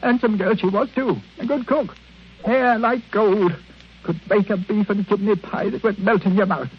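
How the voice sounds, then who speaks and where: A man's voice: high voice, normal speed, husky. An actor playing a self-pitying, miserly old man who grumbles and whines, in 1940s radio acting style. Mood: whining. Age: older. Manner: whining, grumbling. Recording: dull old radio recording, faint hiss.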